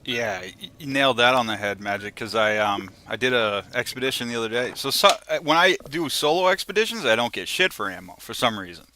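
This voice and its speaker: A man's voice: medium pitch, lively intonation, a little fast, hardly any pauses, sharp tone, slight background noise. A man streaming a video game, rambling in casual, chatty commentary and laughing as he tells stories. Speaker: gaming streamer.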